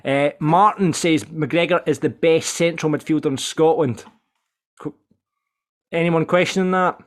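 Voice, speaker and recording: Bloke hosting a footy podcast, voice sits a bit high, reads out listener takes and throws them to the panel. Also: male voice, a little slow. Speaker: podcast host. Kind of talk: casual football podcast chat.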